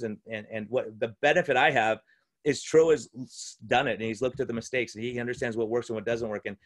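A man's voice: medium pitch, very fast, a bit bright. A male physician and podcast host in casual conversation at home, enthusiastic and rambling, often restarting his sentences. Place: room at home.

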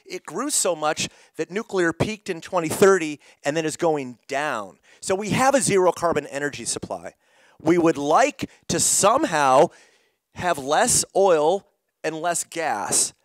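Workshop leader, middle-aged man, voice going hoarse, slightly high pitch, draws in the audience. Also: dry recording. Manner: engaging, calls on audience members. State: losing his voice, coughing. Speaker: climate workshop presenter. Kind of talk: interactive workshop presentation.

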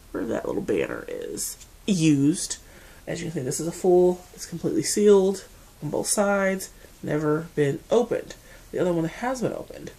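A woman from the Mid-Atlantic states with an American accent talks casually to her camera, chatty and animated, with playful asides. Her voice sits low and has a gravelly edge. Its pitch moves a lot as she talks. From Mid-Atlantic United States. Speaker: beauty vlogger.

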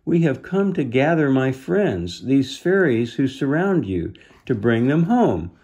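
A man voicing a tiny, frightened but brave female fairy in a storybook, speaking shakily and haltingly. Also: medium pitch, sing-song, a little mellow, breathy edge, exaggerated voice. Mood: timid. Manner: shaky, halting. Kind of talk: storybook read-aloud.

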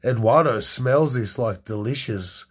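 A man's voice: medium pitch, unhurried, husky. A young man casually telling a crude story, rambling with many fillers.

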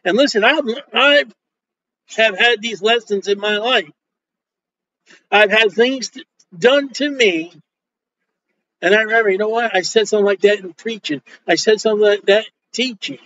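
A high-voiced male preacher tells jokes through his sermon and acts out the lines of people in his stories. The recording is dull and lo-fi. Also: moderate pace, pauses often, dry recording. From Polish Roman Catholic upbringing. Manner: joking, animated, acts out quoted dialogue. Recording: dull lo-fi sound.

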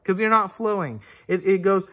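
A woman teaches oboe in a relaxed spoken lesson, her medium-pitched, fairly bright voice moving at a moderate pace. She rambles and muses aloud, humming phrases on syllables to show the way they ought to flow.

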